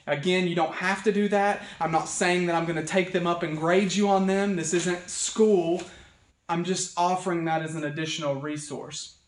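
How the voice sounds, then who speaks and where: A man's voice: high voice, steady tone, normal speed. A man as pastor giving a livestreamed sermon, earnest and building to emphatic repetition. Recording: echoey room.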